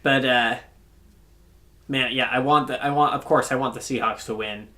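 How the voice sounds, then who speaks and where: Talking football on a podcast he co-hosts, this man has a medium-pitched voice that sounds pushed and bright. His intonation stays fairly even at normal speed, and the casual sports chat is loaded with fillers and restarts.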